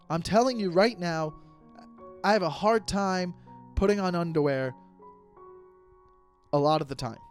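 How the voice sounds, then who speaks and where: A man in his thirties hosting a solo podcast, ranting in an exasperated, comedic way and often restarting his sentences. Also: sits high. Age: 30s. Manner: animated, exasperated, repeats and restarts himself. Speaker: podcast host.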